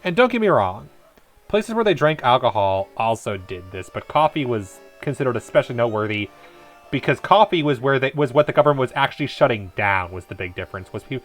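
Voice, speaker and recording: A man's voice: mid-range voice, very animated, fairly quick, faint music behind. A man streaming a game, rambling casually and eagerly about history. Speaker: let's-play streamer. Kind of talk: casual gameplay commentary.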